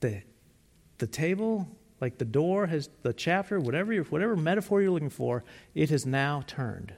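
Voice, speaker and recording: A man preaching a sermon, retelling stories in a conversational, animated way with frequent restarts. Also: a little high, moderate pace, long reverb tail. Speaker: pastor.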